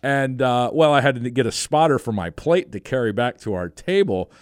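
A man's voice: medium pitch, normal speed, clean tone, no room sound, clean studio sound. A man hosting an afternoon radio show, chatting casually and telling rambling stories. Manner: lively, rambling storyteller. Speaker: radio host.

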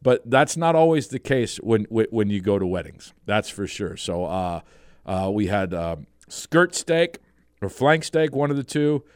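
Male radio host, chatty storyteller, animated delivery, dry close sound. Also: on the low side, a little slow, clean tone, no room sound. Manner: lively, rambling storyteller. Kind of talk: casual radio chat.

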